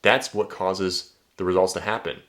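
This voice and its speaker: A man's voice: sits low, fairly even intonation, normal speed, a bit bright. A man coaching on dating in a casual vlog monologue, blunt and profane, tagging his points with "right?".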